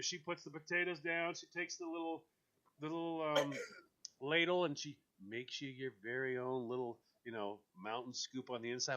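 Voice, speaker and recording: A man hosting a radio show, telling a long story in an animated way and mimicking the people in it. His voice is high-ish and bright, and the audio sounds dull and lo-fi. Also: moderate pace. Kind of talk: casual chat on a call-in show.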